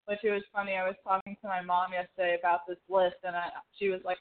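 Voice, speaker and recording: A woman co-hosting a casual chat, telling a long story in a rambling, animated way full of "like". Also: fairly low pitch, fast. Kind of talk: casual chat recapping a TV show. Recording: phone-like narrow sound.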